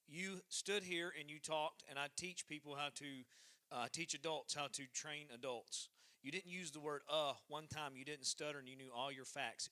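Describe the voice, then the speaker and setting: A man giving an impassioned closing address at a live church gathering in a converted barn, moving from loud declarations to hushed, emotional passages. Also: a little high. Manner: fervent, preacherly, swings from loud to hushed. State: emotional, voice thick.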